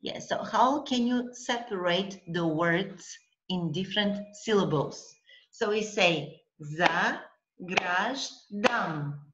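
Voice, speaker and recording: A woman teaching a language lesson online, patient and deliberate, breaking words into syllables and checking in with the student. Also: mid-range voice, highs cut off, a little hiss or hum. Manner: patient, slow, spells out syllables and checks with "okay?".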